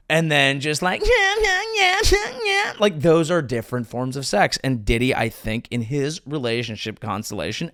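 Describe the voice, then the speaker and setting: Comic podcast host, man, lively pitch and bright edge, crude riffing, dry close mic. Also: no room sound. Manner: crude, animated, jumps into silly impressions. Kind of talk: comedic riffing monologue.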